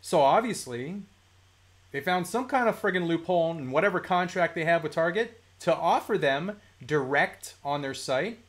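A man's voice: on the high side, moderate pace. A man hosting a casual livestream, ranting with frustration and reading viewer comments aloud. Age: adult, works a day job. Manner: animated, ranting, reads chat comments aloud. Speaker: toy collecting livestream host.

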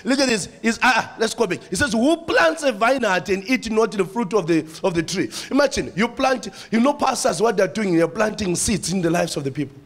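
A man preaching a sermon in church with a South African accent, animated, repeating phrases and calling out to the congregation. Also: high-pitched, a little fast, few pauses.

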